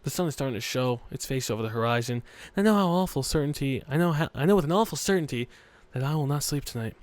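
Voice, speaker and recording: A man's voice: mid-range voice, lively intonation, quick pace, dry recording. A man hosting a let's play, reading a visual novel aloud with crude, rambling joking asides.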